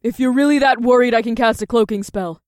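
A man's voice: extremely high pitch, no echo, clean studio sound, pitched above the performer's own voice. A man voicing a demanding young witch woman in an audiobook. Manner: demanding, brisk.

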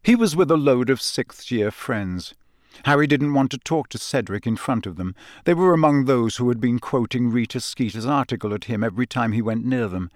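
A man narrates a story in a steady, measured way, his voice sitting in a comfortable middle pitch. The recording is close and completely dry, with no room sound around it. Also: no echo. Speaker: audiobook narrator. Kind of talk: scripted narration.

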